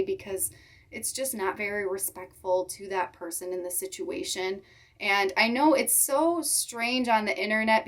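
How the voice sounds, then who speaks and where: A young woman talking to her viewers in a personal vlog, speaking sincerely and haltingly while holding back tears. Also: medium pitch. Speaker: reptile keeper vlogger. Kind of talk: emotional personal vlog talk.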